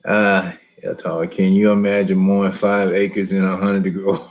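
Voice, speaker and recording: Laid-back lower-voiced man chatting on a stream. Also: little pitch movement, normal speed. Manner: easygoing, chuckles often, drawls and repeats himself. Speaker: lawn care channel host answering live chat. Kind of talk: casual live stream Q&A.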